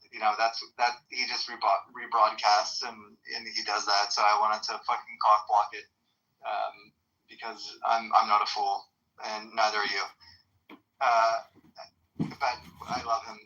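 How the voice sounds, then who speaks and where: Blunt guy, halting and profane, bright voice on a dull voice-chat line. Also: fairly low pitch, level tone. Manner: blunt, swears freely, halting with fillers. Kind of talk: casual chat in an online voice room.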